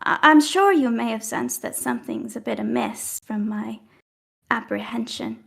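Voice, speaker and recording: A woman's voice: a little high, moderate pace, vocal fry. A woman voicing a nervous, apologetic female elf sailor captain who stammers and speaks bluntly.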